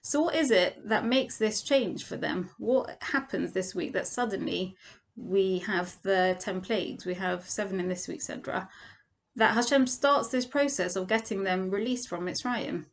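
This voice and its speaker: A woman's voice: medium pitch, unhurried, creaky. A woman teaching a Torah lesson as a vivid second-person story, acting out the quoted lines.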